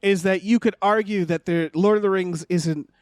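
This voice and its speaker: A man with a high voice co-hosting a relaxed film podcast. He jokes, swears casually and laughs along with the others. The sound is dry and close to the mic. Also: normal speed, clear, resonant tone, no echo. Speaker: podcast co-host. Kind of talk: casual movie chat.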